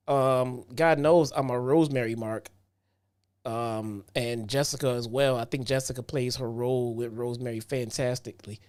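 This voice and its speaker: A man hosting a casual wrestling review show. He recaps matches in a loose, chatty way, repeating himself and dropping "um" and "man" often. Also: medium pitch. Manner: laid-back, frequent "um" and "man", repeats himself.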